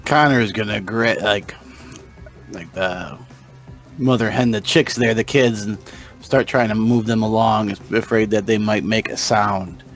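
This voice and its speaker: A player in a tabletop game narrating what his character does. His low voice has a gravelly edge, and he halts often with fillers. Faint music sits underneath. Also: a little slow.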